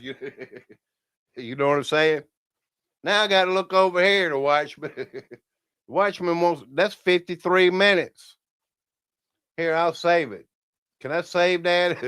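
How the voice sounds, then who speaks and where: Chatty man with a smooth voice. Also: on the high side, a bit bright. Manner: rambling, laughs often, talks to viewers as "y'all". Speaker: livestream host. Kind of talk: casual livestream chat.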